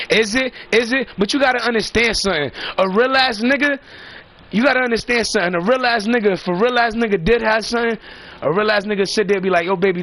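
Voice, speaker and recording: High-voiced man on a profane rant. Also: fairly bright tone. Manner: profane, rambling, emphatic. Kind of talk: casual storytelling rant.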